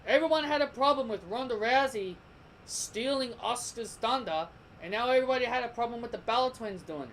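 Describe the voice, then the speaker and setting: A young man from Australia vlogs heated, opinionated wrestling commentary, repeating himself and tripping into restarts. He talks briskly in an extremely high, slightly bright voice over a rough recording with slight background noise.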